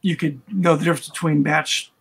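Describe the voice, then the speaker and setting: Male co-host, inquisitive, slightly high voice, faint background noise. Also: fairly even intonation, fairly quick, a bit bright. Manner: curious, asks many follow-up questions. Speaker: co-host of a tasting show. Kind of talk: casual chat.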